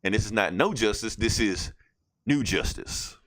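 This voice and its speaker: A man's voice: lowish voice, expressive, normal speed, fairly bright tone. A man hosting a podcast, recapping comic books in a loose, profane, casual way. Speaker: podcast host.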